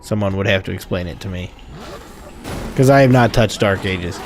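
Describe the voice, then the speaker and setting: A man's voice: low-pitched, normal speed, noisy background. A man hosting a gaming video, rambling casually in let's-play commentary and correcting himself as he goes. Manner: rambling, chatty, self-correcting.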